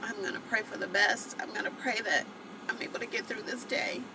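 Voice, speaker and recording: A woman's voice: medium pitch, fairly even intonation, a little fast, creaky, background noise. A woman in her forties hosting a live vlog broadcast, talking to her viewers in a heartfelt, rambling way. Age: 40s. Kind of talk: emotional live-stream chat with viewers.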